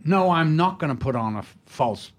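An older man, an actor being interviewed, telling stories in a rambling, halting way with many restarts. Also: on the high side, expressive. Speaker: actor, guest. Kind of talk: anecdotal storytelling in an interview.

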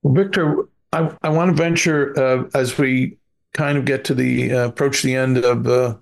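Man, Bronx accent, podcast cohost, gravelly, halting with fillers. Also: mid-range voice, steady tone. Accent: Bronx, New York. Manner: hesitant, many fillers. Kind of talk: casual podcast chat with ad read.

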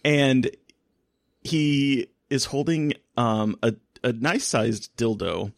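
Laughing, animated man in casual chat. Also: medium pitch, slow pace, vocal fry, no room sound, clean studio sound. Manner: animated storyteller, laughs often. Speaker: podcast co-host.

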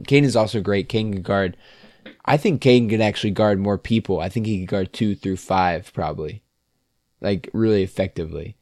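A man co-hosts a sports podcast in a low-pitched voice, recorded studio-clean with no echo. He chats casually and relaxed, laughs often and easily, and tends to trail off.

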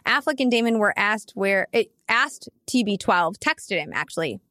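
A woman's voice: medium pitch, big pitch swings, moderate pace, bright, forceful tone, slight background noise. A woman co-hosting a casual sports chat, running the segments with a bold, teasing manner. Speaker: podcast co-host.

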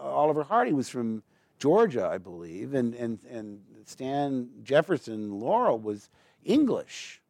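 An American man, a voice actor being interviewed, telling stories casually in a rambling, quick way full of restarts. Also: mid-range voice, vocal fry, a little mellow, no room sound.

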